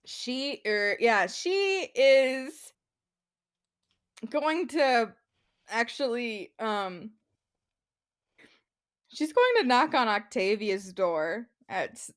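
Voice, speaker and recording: A woman's voice: fairly high pitch, animated, very slow, long pauses, clear, resonant tone. A woman playing in a tabletop game, hesitant and full of fillers. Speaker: player.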